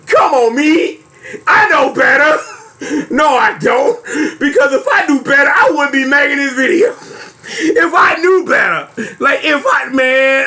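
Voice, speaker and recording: Man, loud excitable rant, keeps breaking into laughter, bright voice, swinging pitch, slang-heavy, small home room. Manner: laughing hard while talking, loud and excitable; heavy slang, repeats himself. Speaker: host. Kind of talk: casual rant to camera.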